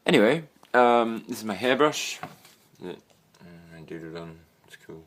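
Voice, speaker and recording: Casual room-tour vlogger: young Australian guy, deep voice, meandering and sweary. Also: animated, normal speed, slight background noise. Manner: rambling, swears casually, trails off with fillers. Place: own bedroom.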